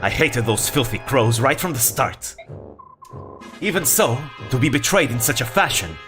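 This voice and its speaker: A man's voice: mid-range voice, big pitch swings, music in the background, natural voice. A man voicing a fierce, haughty woman general who sneers and threatens. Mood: scornful. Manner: scornful, threatening, drawn-out growls.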